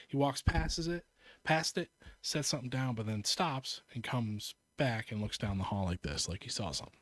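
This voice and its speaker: A man's voice: mid-range voice, animated, normal speed, fairly bright tone, no echo. A man co-hosting a podcast in casual chat, animatedly retelling a film scene, swearing and acting out the lines. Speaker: podcast co-host.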